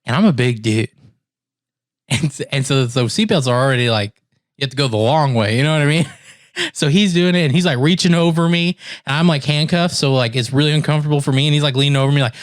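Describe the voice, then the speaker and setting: A man's voice: a little high, quick pace, no room sound, studio quality. A man on a podcast telling a long story in casual chat, acting out what others said and laughing often. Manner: animated storyteller, acts out quotes, laughs often. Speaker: podcast co-host.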